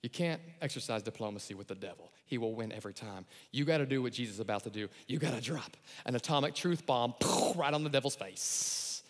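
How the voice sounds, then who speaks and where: A man preaching a lively sermon, acting out voices and shouting his key lines. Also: medium pitch, a little fast, hardly any pauses. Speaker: pastor. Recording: long hall reverb.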